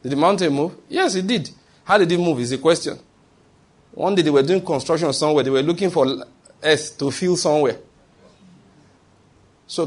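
A male preacher delivering a sermon in a husky voice. He speaks with emphasis and often throws a question to the congregation before answering it himself. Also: a little high, moderate pace, pauses often.

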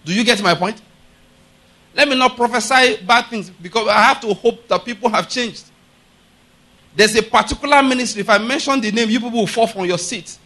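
Bright, high-pitched preaching man. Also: a little fast. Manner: emphatic, repeats rhetorical questions to the congregation. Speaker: pastor. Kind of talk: sermon.

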